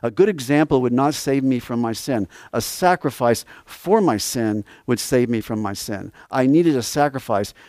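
A man's voice: medium pitch, expressive, moderate pace, few pauses, darkish tone, no room sound, studio quality. A man preaching a sermon, reading scripture aloud and repeating key words with emphasis.

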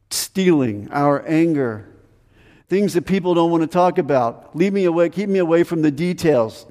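A man's voice: a little high, dark tone, big-room sound. A man preaching a sermon as pastor, earnest and emphatic, repeating his commands.

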